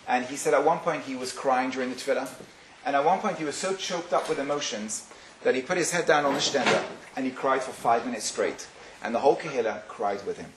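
A man's voice: mid-range voice, fairly quick. A man giving a religious talk, telling a story animatedly with frequent fillers, in a roomy recording. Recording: roomy with faint hiss.

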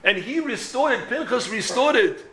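A man's voice: extremely high pitch, expressive, normal speed, pushed and bright, a little hiss or hum. A man giving an impassioned sermon as a rabbi, building to emphatic peaks. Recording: roomy echo.

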